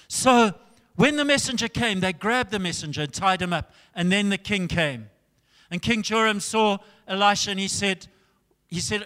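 Man, preacher, sermon, dramatic storytelling, bright forceful tone, long church reverb. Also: sits high, moderate pace. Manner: dramatic storytelling, swinging from loud to hushed.

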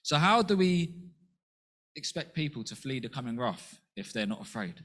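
Man preaching a sermon, earnest, lots of rhetorical questions, voice jumps up high for quotes. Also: big pitch swings, normal speed, a bit bright. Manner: earnest, with rhetorical questions and sudden rises in pitch.

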